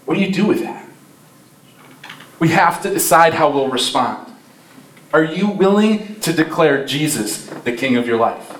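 Guy preaching a christmas sermon, gets loud then soft for emphasis, roomy church sound, mic kinda far off. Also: on the high side, animated, a little slow, long pauses, slight background noise. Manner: impassioned, rises and drops in volume for emphasis. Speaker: pastor. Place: church sanctuary.

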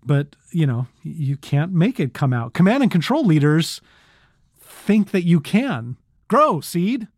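A man hosting a leadership podcast, talking in an animated way and acting out little quotes. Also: on the high side, measured pace, dry recording, studio quality. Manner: animated, acts out quotes, laughs easily. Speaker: podcast host.

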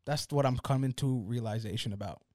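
A man's voice: medium pitch, fairly quick, dark tone, no room sound, studio quality. Laid-back slangy man on a podcast. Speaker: podcast co-host. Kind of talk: casual chat.

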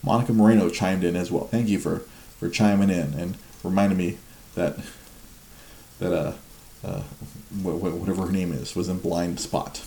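Host: deep man, mellow and gravelly, rambling, chuckling and stammering in a roomy echo. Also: steady tone, normal speed. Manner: rambling, laughs often, stammers and repeats words. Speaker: livestream show host. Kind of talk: casual chat. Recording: roomy echo with faint noise.

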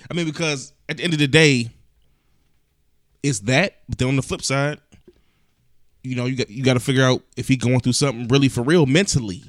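A man from Cleveland talking on a casual podcast, animated when he tells a story and full of restarts when he weighs an opinion. He sits at a middle pitch, recorded dry and close with no room echo. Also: a little fast, pauses often. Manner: animated storyteller, laughs often, hedging restarts. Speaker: podcast co-host.

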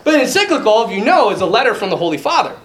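A man telling a lively, self-mocking story to a crowd, acting out the voices of the people in it. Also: high-pitched, very fast. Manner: animated, self-mocking, acts out quoted voices. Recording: echoey room from a distance.

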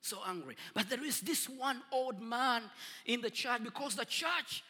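Male preacher, storytelling sermon, husky, bright and sharp tone, long hall reverb. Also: a little slow. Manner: dramatic, with sudden swings between booming and hushed.

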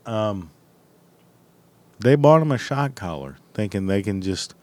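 A man's voice: on the low side, lively intonation, unhurried, a little mellow, dry recording. A man telling a rambling story in a blunt, heavily profane, casual way.

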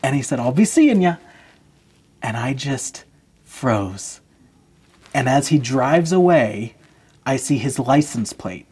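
A husky young man recounts a personal story as a podcast guest. He tells it earnestly and vividly, at an ordinary middle pitch. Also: takes it slowly, darkish tone.

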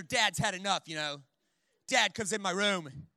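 High, bright-voiced man preaching. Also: a little slow, pauses often, no echo, clean studio sound. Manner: animated, conversational, jokey, frequent "right?" asides. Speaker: guest preacher. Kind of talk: sermon with storytelling. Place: church.

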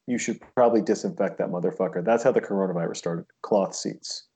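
Crude joking man, mellow husky voice. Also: low-pitched, quick pace. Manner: crude, joking, loud interjections. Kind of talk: casual podcast chat.

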